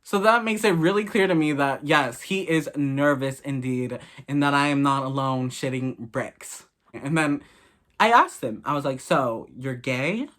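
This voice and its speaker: Bright-voiced, blunt young man telling a story. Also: on the high side, moderate pace. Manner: blunt, crude and animated, swearing often. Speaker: vlogger. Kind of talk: casual storytime monologue.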